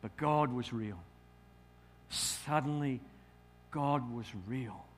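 A middle-aged Australian man, a pastor telling a lively story in a sermon and acting out his own thoughts. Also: medium pitch, takes it slowly, slight background noise.

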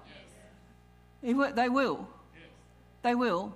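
Slow-speaking woman preaching. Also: a little high, expressive. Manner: calls questions to the congregation, reads scripture, chuckles. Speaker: church speaker. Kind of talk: sermon on tithing.

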